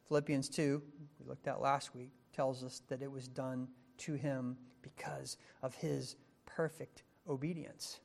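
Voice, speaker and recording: A man preaching a sermon, emphatic, with rising stressed questions and slow deliberate phrases. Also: medium pitch, flat delivery, gravelly, darkish tone. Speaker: pastor.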